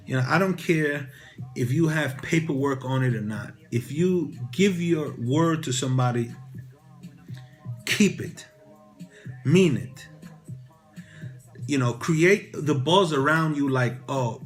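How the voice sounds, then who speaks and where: A man's voice: fairly high pitch, fairly bright tone. A man giving casual motivational advice to camera, rambling with many "you know" fillers. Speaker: real estate broker and channel host.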